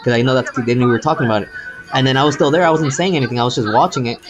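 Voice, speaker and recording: A man's voice: medium pitch, very fast, music in the background, rough recording. A man streaming live, telling a long story in a rambling, casual way, repeating words and calling the listener bro.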